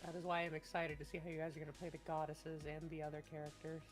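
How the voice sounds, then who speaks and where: A woman's voice: low voice, flat delivery, fast, soft background music. A woman running a tabletop game as game master, chatting casually and rambling with many restarts. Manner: rambling, restarts often, bursts into loud laughter. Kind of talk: casual chat on a voice call.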